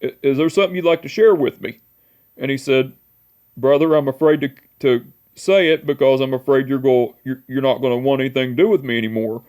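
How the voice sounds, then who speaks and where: In a personal memorial vlog, a young man in his twenties tells a heartfelt, emotional, rambling story, often repeating "I said" and "you know." His medium-pitched voice is steady and darkish, moving a little fast.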